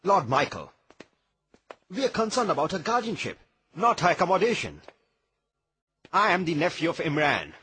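A man's voice: a little high, big pitch swings, normal speed, long pauses, sharp tone, slight background noise. An actor playing a stubborn young kinsman in a dubbed film, firm and defiant.

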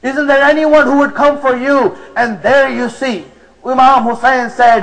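A man's voice: very high voice, steady tone, unhurried, vocal fry, fairly bright tone, low-quality recording. A man preaching to a congregation, retelling a story with emotion and drama. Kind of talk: sermon storytelling.

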